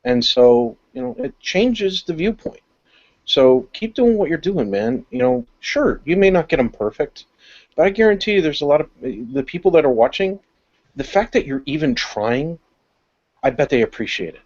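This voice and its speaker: A man from the United States co-hosting a podcast, telling a rambling, animated story in casual chat. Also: fairly high pitch, moderate pace, dull audio. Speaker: podcast co-host.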